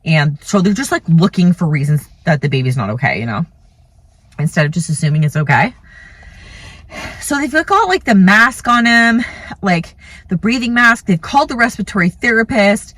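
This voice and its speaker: A woman's voice: medium pitch, very animated, moderate pace, fairly bright tone, dry recording. A woman in her thirties casually telling a personal story, chatty and rambling, full of "like" and "you know.". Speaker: vlogger, mother telling a birth story.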